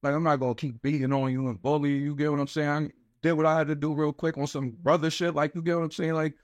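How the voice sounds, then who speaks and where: A young man from New York, a rapper guest telling stories in a casual interview, animated and slangy, acting out the voices of people he quotes. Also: a little high, fast talker, dry recording. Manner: animated, slangy, acts out quoted voices, repeats "you get what I'm saying". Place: small podcast studio. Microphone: studio microphone.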